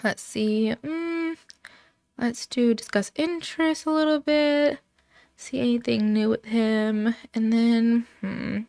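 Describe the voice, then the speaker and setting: A woman's voice: fairly high pitch, fairly even intonation, slow pace, creaky, darkish tone, clean tone, dry recording, studio quality. A woman giving chatty, giggly commentary while playing a story game. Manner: chatty and giggly, with many fillers. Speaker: let's player.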